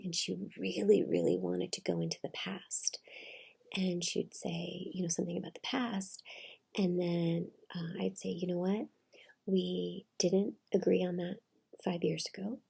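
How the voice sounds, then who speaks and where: Soft-spoken breathy woman with gravelly tone. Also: on the low side, flat delivery, measured pace. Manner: soft, half-whispered retelling with many fillers. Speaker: channel host. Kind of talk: personal storytelling.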